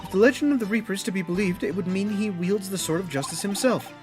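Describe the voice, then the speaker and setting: A man voicing a polite, composed young female assistant who speaks in a measured, formal way. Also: high voice, darkish tone, faint music behind, pitched above the performer's own voice, close to an everyday voice. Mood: informative.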